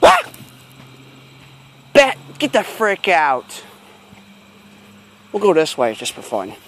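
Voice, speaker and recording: A man's voice: sits high, huge pitch swings, takes it slowly, a bit bright, slight background noise. A frightened man filming himself on a phone outdoors in rural fields at night, swearing and talking nervously to himself. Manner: heavy swearing, nervous self-talk. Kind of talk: handheld night-walk vlog.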